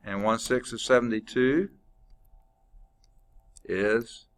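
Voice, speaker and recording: A man's voice: mid-range voice, takes it slowly. A male math instructor lecturing a class, working problems aloud, quizzing students and chatting informally with asides.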